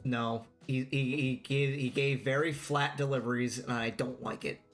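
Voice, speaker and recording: A man's voice: medium pitch, fairly even intonation, moderate pace, faint music behind. A man chatting casually while playing a game, ranting and swearing freely. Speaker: game player.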